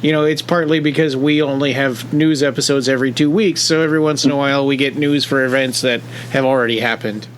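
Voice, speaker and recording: A man's voice: mid-range voice, steady tone, fast talker, hardly any pauses, a little hiss or hum. A man co-hosting a podcast in casual chat, easygoing, with rambling asides. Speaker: podcast co-host.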